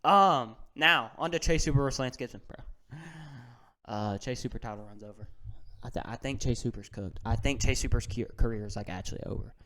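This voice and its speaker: A young man giving a casual, excitable breakdown of fight results, ranting and swinging between low mutters and loud outbursts. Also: brisk. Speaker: MMA fan vlogger.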